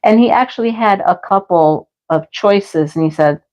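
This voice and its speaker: A woman's voice: mid-range voice, normal speed, a little mellow, muffled recording. Chatty woman hosting a craft livestream. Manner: chatty, rambling, often laughing, answers chat by name. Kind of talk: casual live chat with viewers.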